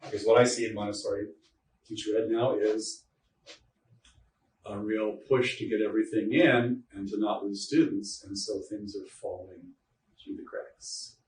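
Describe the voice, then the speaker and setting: A man's voice: fairly low pitch, normal speed, a little mellow. A man giving an informal workshop lecture to teachers, chatty and joking, with asides to the audience. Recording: roomy echo, distant mic, faint noise.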